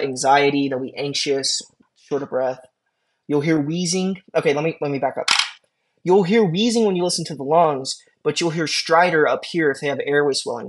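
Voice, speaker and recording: A man teaching an emergency medicine class, talking casually with quick asides and questions to his students. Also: a little high. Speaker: EMS instructor. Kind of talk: classroom lecture.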